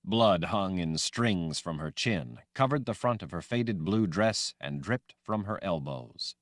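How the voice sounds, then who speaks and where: A man reading a fantasy audiobook aloud in a dramatic, expressive way. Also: deep voice, measured pace, no room sound, studio quality. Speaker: audiobook narrator. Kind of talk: scripted fantasy audiobook narration.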